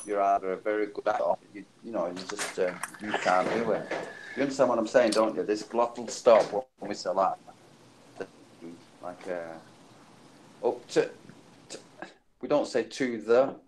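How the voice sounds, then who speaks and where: Low-voiced chatty man. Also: slight background noise, low-quality recording. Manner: chatty, jokey, mimics other people's speech. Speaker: panel guest. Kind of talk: casual group call chat.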